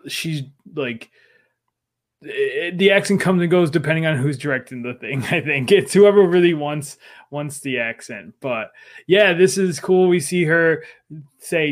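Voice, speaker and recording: Excitable higher-voiced man. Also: moderate pace. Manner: excited fan theorizing. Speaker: podcast co-host. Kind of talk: casual recap chat.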